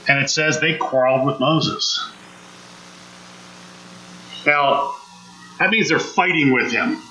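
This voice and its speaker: A man's voice: a little high, takes it slowly, pushed and bright, reverberant, a little hiss or hum, low-quality recording. A man preaching a conversational sermon, acting out quotes and asking the congregation questions. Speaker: pastor.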